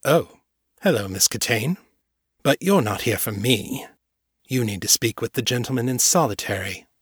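A man's voice: mid-range voice, expressive, moderate pace, husky, dry recording, studio quality. A man doing a polite, poised prisoner. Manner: mildly surprised, polite. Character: poised, well-mannered male prisoner.

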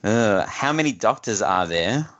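Guy running a pinball trivia quiz on a podcast, lowish voice, slow and swingy, keeps laughing. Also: lively intonation, a bit bright, lo-fi sound. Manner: laughs often while reading questions. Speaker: quiz host.

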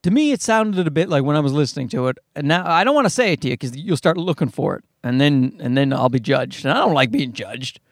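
Talking fast with hardly any pauses, a comedian in his thirties rambles through a solo podcast, mocking himself, cursing, and frequently restarting. His voice is a little high and sing-song, captured on a podcast microphone with a dry, close, clean studio sound and no room sound.

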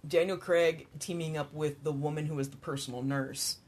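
A man's voice: a little high, steady tone, normal speed. Enthusiastic, laughing male podcast co-host. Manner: enthusiastic, laughs often while talking. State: worn out. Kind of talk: casual chat.

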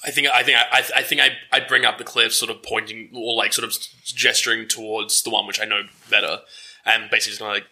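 Bright, hesitant male player. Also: on the low side, little pitch movement, fast, gravelly. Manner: hesitant, restarts when thinking aloud. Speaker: tabletop game player. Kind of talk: casual game chat.

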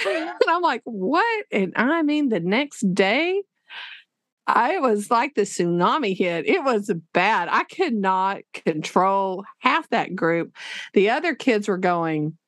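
Animated woman teacher. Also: fairly high pitch, slow, no room sound, studio quality. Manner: animated, laughing, acts out quotes. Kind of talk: casual storytelling interview.

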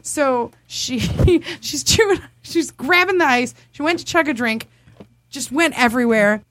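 A woman's voice: high voice, a little slow. A young woman co-hosting a podcast, telling a story in a casual, dramatic way and laughing often. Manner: animated, dramatic, laughs often, acts out quotes.

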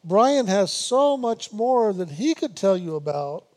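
A man with a high, mellow voice gives a spiritual meditation talk. He speaks slowly and repeats himself on purpose. He teases his listeners gently and laughs now and then. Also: big pitch swings. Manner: unhurried, repetitive, gently teasing with laughs. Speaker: spiritual teacher.

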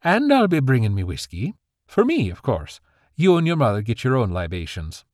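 A man's voice: medium pitch, huge pitch swings, normal speed, darkish tone, no room sound, studio quality, pitched above the performer's own voice. A man voicing a jovial, stubborn old grandfather fairy with a brogue.

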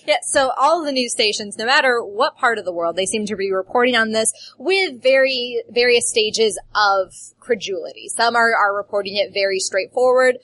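A woman's voice: fairly high pitch, lively intonation, moderate pace, few pauses, a bit bright. A woman as game master, narrating events and asking players questions in an easygoing way.

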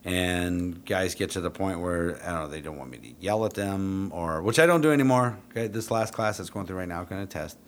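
Blunt, low-voiced dog trainer telling stories. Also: male voice, a little fast, few pauses, a little hiss or hum. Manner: blunt, profane, animated when quoting himself. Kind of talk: casual storytelling.

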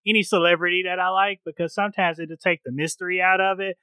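Bright-voiced joking male host. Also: high-pitched, little pitch movement, smooth, no echo. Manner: joking, quick asides. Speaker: podcast host. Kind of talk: casual chat.

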